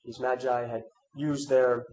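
A man with a cold and a nasal, congested voice, reading scripture and then giving a measured, reflective sermon talk. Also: medium pitch, little pitch movement. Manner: measured, reflective, with soft asides. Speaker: preacher leading an Advent talk series. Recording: roomy echo, faint ambient noise.

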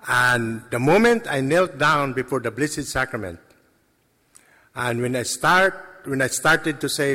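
A man speaking slowly and earnestly as he gives a faith testimony to a congregation. His delivery is halting, full of pauses and restarts. His voice rings with the long reverb of a large hall. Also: medium pitch, sharp tone. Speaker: lay speaker giving a testimony.

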